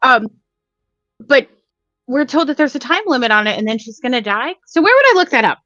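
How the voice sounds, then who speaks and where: A woman's voice: high voice, big pitch swings, brisk, sharp tone, no room sound, lo-fi sound. A woman playing in a tabletop game, talking in a chatty, rambling way full of fillers. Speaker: player. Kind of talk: casual tabletop play.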